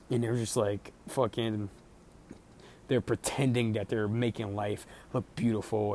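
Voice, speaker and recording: Young man, mellow dark voice, swearing motivational vlog rant, faint rumble behind. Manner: profane, rambling and emphatic, repeats himself. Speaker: vlogger.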